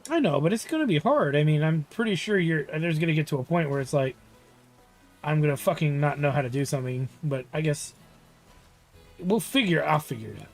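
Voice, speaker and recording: A man's voice: a little high, expressive, fairly quick, creaky, soft background music. A young man casually chatting and joking while streaming a video game, slipping into silly bits. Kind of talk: casual live-stream chat.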